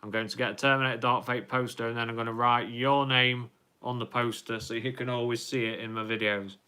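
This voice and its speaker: A man's voice: medium pitch, steady tone, brisk, bright, forceful tone, smooth. A young man hosting a casual live stream, reading out viewer comments in a rambling way with many ums and restarts.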